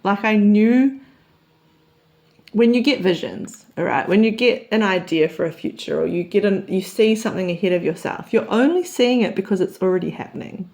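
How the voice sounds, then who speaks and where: A woman's voice: mid-range voice, moderate pace. A woman, telling a personal story as an open, reflective vlog monologue. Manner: open, confessional storytelling with soft laughs. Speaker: vlogger.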